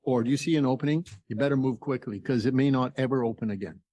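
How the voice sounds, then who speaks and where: Older man, from Canada, podcast guest, lively storyteller, voices each side of a conversation, dry sound. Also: medium pitch, fast talker, no room sound. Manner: animated storyteller acting out dialogue. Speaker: entrepreneur guest. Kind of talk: storytelling interview.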